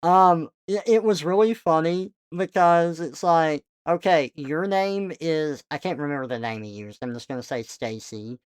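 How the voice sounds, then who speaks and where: Woman streamer, relaxed casual chat, very low voice, dry close sound. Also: normal speed, few pauses, smooth, no echo. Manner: relaxed, casual, swears freely.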